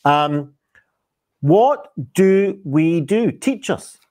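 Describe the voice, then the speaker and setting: A man's voice: on the high side, expressive, very slow, a little mellow. A man hosting a live broadcast interview, friendly and pushing his guest for practical answers. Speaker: host.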